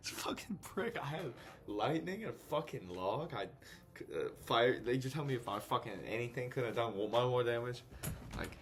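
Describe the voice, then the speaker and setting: A man's voice: medium pitch, lively intonation, normal speed, faint music behind. A young man swearing and ranting as he comments on his own gameplay. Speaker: gamer. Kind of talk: casual gaming commentary.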